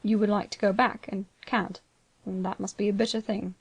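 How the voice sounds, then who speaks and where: A grave, plain-spoken older land agent, read by a woman, speaking in a quiet, slow, solemn way. His voice sits at a middle pitch and stays hushed and measured, like a storybook reading. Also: level tone, breathy edge, dry recording. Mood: gentle.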